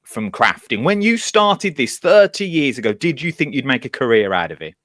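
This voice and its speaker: A man's voice: mid-range voice, big pitch swings, moderate pace, fairly bright tone, no echo. A man hosting a casual live stream from a makeshift home studio, speaking, chatty and jokey as he reads out viewer greetings. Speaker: host.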